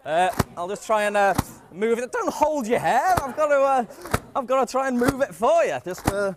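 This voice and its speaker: A man gives a comic science demonstration to a live audience. His voice sits high and swoops about, and he talks in an energetic, self-mocking way. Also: normal speed, noisy background. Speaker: science presenter. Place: stage before a live audience.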